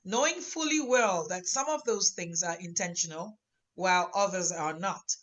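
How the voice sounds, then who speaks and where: A middle-aged woman with an African accent, tinged with French, talking as a guest in an interview in an animated, emphatic and heartfelt way. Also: lowish voice, normal speed, dull audio. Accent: African, with French traces. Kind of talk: conversational interview.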